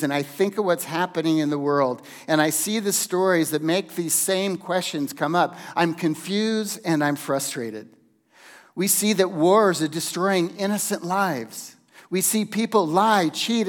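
A man preaching a sermon in a slow, deliberate way, with dramatic pauses and hushed emphasis. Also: fairly high pitch. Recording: long hall reverb.

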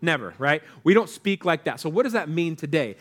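A man preaching a sermon in a relaxed, conversational way, asking the congregation questions and acting out quoted lines. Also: fairly high pitch, fairly quick. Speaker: pastor.

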